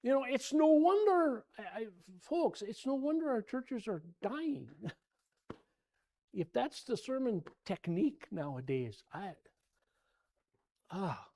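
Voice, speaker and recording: A man teaching an informal Bible class in a church, rambling and animated, often repeating himself and sounding exasperated. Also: extremely high pitch, slow, long pauses.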